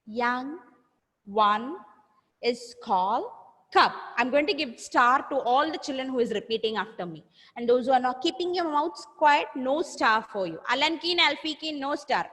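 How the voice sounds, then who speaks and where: A woman teacher, leading an online class and drawing out words for children to repeat. She praises and scolds pupils by name in a firm way. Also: high-pitched. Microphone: video call. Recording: long reverb on voice.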